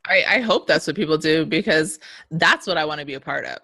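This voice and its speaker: A woman's voice: deep voice, brisk, sharp tone, no echo, studio quality. A woman hosting a podcast, affirming her guest and musing thoughtfully with many fillers. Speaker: podcast host. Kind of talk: casual podcast conversation.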